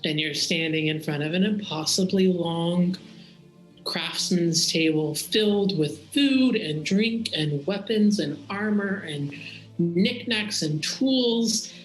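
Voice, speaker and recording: A game master describes a dreamlike scene in slow, vivid detail. The voice sits at a middle pitch and echoes in a roomy space, with faint music underneath. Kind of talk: tabletop game narration. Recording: roomy echo.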